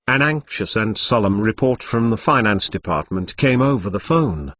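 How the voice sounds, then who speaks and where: A man's voice: lowish voice, expressive, normal speed, few pauses, a bit bright. A text-to-speech male voice reading a translated web novel and speaking the punctuation marks aloud. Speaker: narrator. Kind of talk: machine-read web novel narration.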